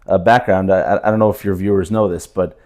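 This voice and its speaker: A man's voice: low voice, steady tone, fast talker, a little mellow. A man, a Russian speaker, chatting as an interview guest, full of fillers and restarts. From New Jersey, USA. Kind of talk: casual interview conversation.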